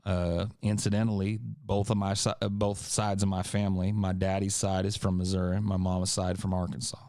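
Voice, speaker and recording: A deep-voiced man from Central California with a California accent and a faint Southern tinge, answering listener questions on his podcast. He rambles and swears bluntly in a fairly monotone delivery, recorded dry and close. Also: brisk, no room sound. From Central California, USA. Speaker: podcast host. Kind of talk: casual podcast Q&A.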